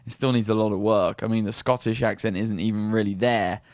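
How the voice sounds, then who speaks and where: A man's voice: fairly low pitch, steady tone, fairly quick, no echo. A man hosting a shipboard morning show, chatting and teasing his co-host. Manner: playful, teasing. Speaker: cruise ship show host. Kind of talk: casual teasing chat.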